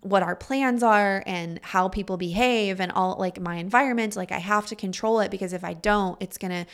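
A middle-aged woman talks through a reflective monologue in an earnest, confiding way. Her mid-range voice keeps slipping into a gravelly fry. She often turns to her listeners with direct questions. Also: mid-range voice, normal speed.

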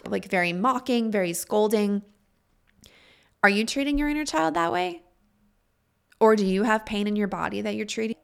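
A middle-aged woman talks through a reflective monologue in an earnest, confiding way. Her mid-range voice keeps slipping into a gravelly fry. She often turns to her listeners with direct questions. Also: mid-range voice, brisk.

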